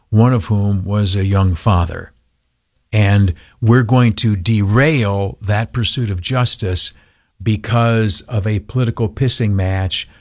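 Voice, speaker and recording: A man's voice: on the low side, a little mellow, no room sound, studio quality. An older man hosting talk radio, rambling with many fillers and turning blunt and indignant. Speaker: radio talk show host.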